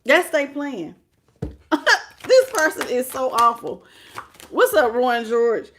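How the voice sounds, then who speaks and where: A woman reads tarot live. She talks bluntly and with slang, and her voice sits fairly high. She stays animated as she calls out to her chat viewers. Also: takes it slowly, pauses often, a little hiss or hum. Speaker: tarot reader.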